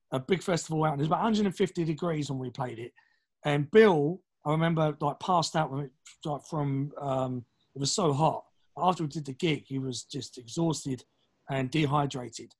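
Lively East London storyteller man. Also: a little high. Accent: London English. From East London, England. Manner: animated, acts out quoted voices, swears casually. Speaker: podcast guest, drummer. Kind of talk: casual storytelling.

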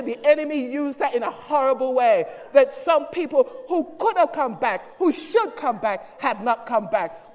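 A woman minister preaching a fervent sermon with emphatic repetition in a church sanctuary. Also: a little high. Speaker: associate minister. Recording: reverberant hall.

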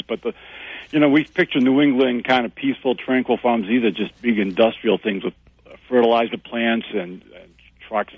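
Husky man on a dull phone line. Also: medium pitch, no room sound. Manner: easygoing, rambling, many fillers. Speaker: regular birding expert. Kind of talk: casual phone-in chat.

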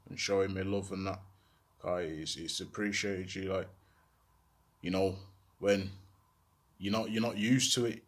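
A young man tells his own story in a loose, slangy ramble, full of asides and quoted voices. His voice sits fairly low and has a husky grain. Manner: slangy, rambling, animated retelling. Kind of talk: casual storytelling.

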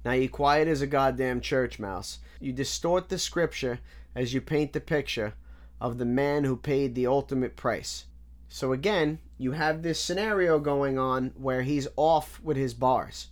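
A man casually breaking down rap lyrics line by line, analytical and repetitive, often restarting his sentences. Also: medium pitch. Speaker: music reviewer.

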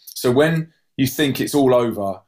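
Male guest, storyteller; animated, restarts often, jumps into high yelps when quoting others. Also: measured pace. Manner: acts out voices with sudden high yelps; many restarts and repeated words.

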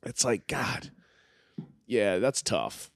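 A man's voice: on the low side, animated, very slow, a bit bright, no echo. A young man hosting a podcast from his living room, rambling and joking crudely in casual banter. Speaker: podcast host.

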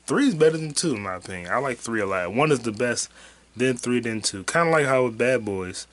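A man hosting a solo podcast, rambling loosely and profanely, with sudden loud excited bursts. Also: mid-range voice, brisk. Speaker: podcast host and stand-up comic.

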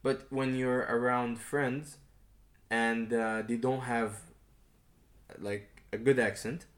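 A young man from Sudan chatting casually as a podcast co-host, relaxed and rambling with fillers and restarts. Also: mid-range voice, takes it slowly. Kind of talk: casual chat.

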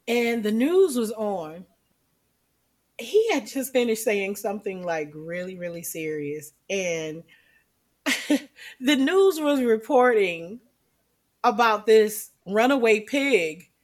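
A woman co-hosting a casual chat, telling funny stories and laughing often. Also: mid-range voice. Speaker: podcast co-host.

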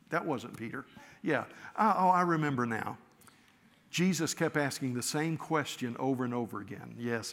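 Man, preacher, folksy storyteller, bright edge, echoing sanctuary. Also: medium pitch. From Florida, US. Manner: folksy storytelling, self-correcting asides. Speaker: pastor. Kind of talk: sermon. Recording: long reverb of a large hall.

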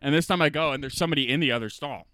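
A young man with a high, bright and forceful voice co-hosts a casual podcast. He tells crude stories from work with lively, animated delivery and breaks into laughter often. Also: very fast, no room sound. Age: young adult. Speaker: podcast co-host. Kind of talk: casual chat.

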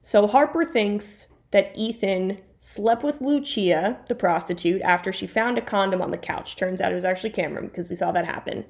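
A woman's voice: medium pitch, moderate pace, gravelly, hardly any pauses. A woman co-hosting a casual podcast, chatting through a TV recap with playful asides and self-corrections. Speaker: podcast co-host.

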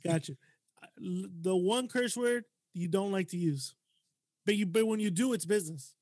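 A man hosting a podcast, joking and teasing as he runs through quick questions. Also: sits high, a little mellow. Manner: joking, teasing, laughs while asking questions. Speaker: podcast host. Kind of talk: casual chat.

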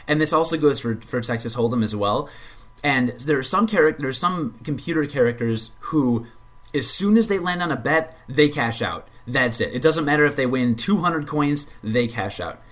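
A game reviewer casually explains and reviews a video game's card minigame, rambling, restarting often and giving blunt opinions. He speaks at medium pitch and normal speed, expressive and fairly bright.

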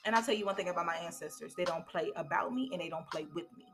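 A woman's voice: fairly low pitch, fast, few pauses, music in the background. A woman in her thirties hosting a podcast, giving a candid, colloquial motivational talk. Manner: candid, colloquial, preachy storytelling. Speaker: podcast host.

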